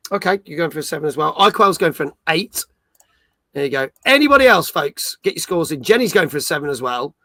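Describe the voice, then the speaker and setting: A man's voice: a little high, lively intonation, fast, bright, forceful tone, no room sound. A man hosting a casual gaming livestream, chatting upbeat and reading out viewers' comments. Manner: chatty, upbeat, reads viewer chat aloud. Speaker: stream host.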